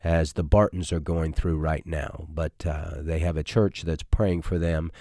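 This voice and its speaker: Middle-aged male pastor, deep voice, dry recording; easygoing, conversational sermon delivery. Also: steady tone, a little slow, warm tone, no room sound. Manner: conversational, folksy preaching with frequent fillers.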